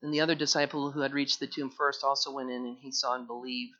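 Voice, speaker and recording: Earnest pastor preaching with a bright voice. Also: male voice, mid-range voice, level tone, fast talker, dull audio. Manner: earnest, repeats words, swings from hushed to fervent. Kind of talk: expository sermon.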